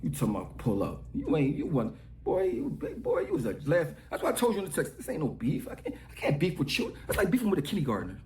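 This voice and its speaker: A middle-aged man launches into a rapid, heated rant, mocking and scolding without letting up. His voice sits high for a man and swings up and down with a lot of energy. It rings out in an echoey room. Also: huge pitch swings, a little mellow. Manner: mocking, scolding, trash-talking. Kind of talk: heated rant in a played clip.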